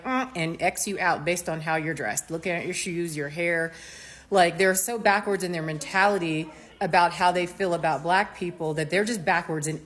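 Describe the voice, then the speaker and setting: A lowish-voiced American woman gives an easygoing commentary monologue, animated and scornful, sprinkled with slang asides.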